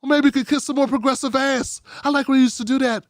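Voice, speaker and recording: A petulant, grumbling TV viewer, put on by a man who whines in a high, exasperated voice. The sound is dry and close, with sarcasm in every complaint. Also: steady tone, quick pace, no room sound. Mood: whining. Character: whiny petulant bigoted male TV viewer.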